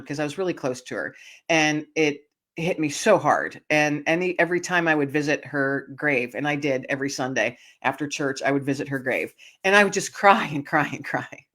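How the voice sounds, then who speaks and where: A woman guest telling a personal story in an interview, animated, laughing often, with frequent restarts and fillers. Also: low-pitched, normal speed. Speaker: guest author.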